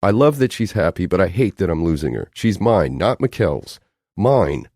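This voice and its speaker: A man's voice: deep voice, big pitch swings, a little mellow, no room sound, studio quality, pitched above the performer's own voice, exaggerated voice. A man voicing a fiery, tearful young woman. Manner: emotional, quick-tempered outbursts. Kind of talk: audiobook character voicing.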